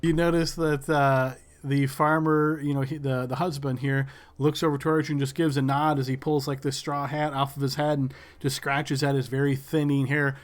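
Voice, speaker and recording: A man narrating a tabletop game as game master, descriptive and unhurried with many fillers. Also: medium pitch, flat delivery.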